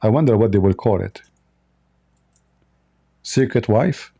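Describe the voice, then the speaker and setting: A man's voice: fairly low pitch, expressive, measured pace, mellow, breathy edge. A man hosting a livestream of political commentary, blunt and opinionated, often restarting his sentences. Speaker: commentary channel host.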